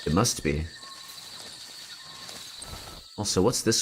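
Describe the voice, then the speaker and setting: A man's voice: deep voice, animated, normal speed, a little hiss or hum. A man streaming a video game, chatting casually and joking with his viewers as he plays. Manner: playful, joking, chats to viewers. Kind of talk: casual gameplay commentary.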